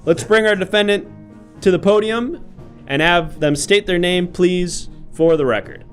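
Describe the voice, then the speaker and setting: Soft music plays as a somewhat high-voiced man, unhurried, acts as a mock-formal judge on his improv comedy livestream. He thanks the audience and questions defendants.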